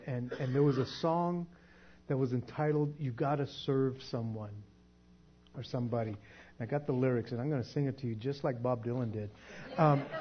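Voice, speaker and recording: A man's voice: medium pitch, breathy edge. A man teaching a Bible lesson in a casual, conversational way, often repeating words as he works through a point. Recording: dull lo-fi recording.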